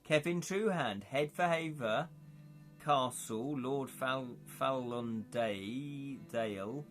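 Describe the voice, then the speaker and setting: Soft music plays behind a British man with a medium-pitched, slightly bright voice who takes things slowly. He's hosting an easygoing live-stream read-through of an adventure gamebook, joking and rambling, stopping to chat and laugh, and restarting whenever he stumbles over words.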